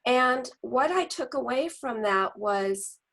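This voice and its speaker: A middle-aged woman telling a personal story in a group discussion, earnest and animated, with restarts. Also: on the high side, slow, low-quality recording.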